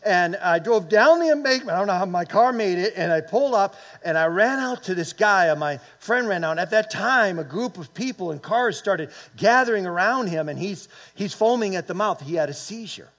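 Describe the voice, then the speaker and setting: A man's voice: high-pitched, animated, moderate pace, few pauses, fairly bright tone. A man in his late fifties or older preaching a sermon, telling a personal story and calling on the congregation to respond. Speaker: pastor.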